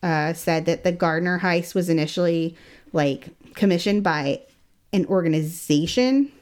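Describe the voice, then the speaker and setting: A woman telling a true-crime story in casual chat, animated, laughing often and acting out quotes. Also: lowish voice, unhurried. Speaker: guest storyteller.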